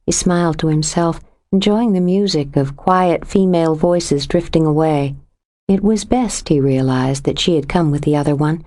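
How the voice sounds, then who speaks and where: A woman narrating a suspense audiobook in a steady, measured reading voice. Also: deep voice. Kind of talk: scripted narration.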